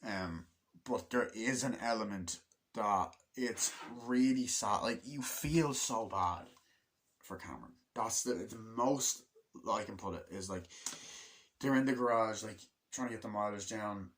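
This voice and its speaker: Young man, casual film review, rambling, cursing a lot, low voice, acts out the scenes. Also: a bit bright. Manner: rambling, swears often, acts out scenes in quick quoted voices. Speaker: movie reviewer.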